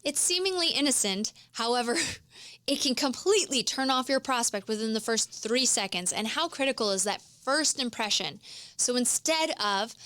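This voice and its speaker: A woman's voice: on the high side, expressive, moderate pace, fairly bright tone, dry recording. A woman hosting a business podcast, coaching listeners in an explanatory teaching manner. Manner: coaching, explanatory, demonstrates tones of voice. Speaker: host. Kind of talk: instructional podcast monologue.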